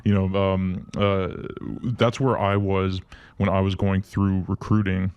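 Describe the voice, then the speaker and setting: Brief: male podcast host, resonant lowish voice, unhurried and hesitant. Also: little pitch movement, a little mellow, clean tone, lo-fi sound. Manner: hesitant, many fillers. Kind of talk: casual chat.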